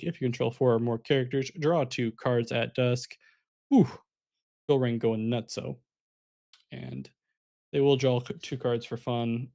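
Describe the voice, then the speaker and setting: Calling an online card game match live, a mid-pitched man explains each play loosely and chattily, turning to address viewers in chat. He's a little mellow and audibly sleepy, yawning as he goes.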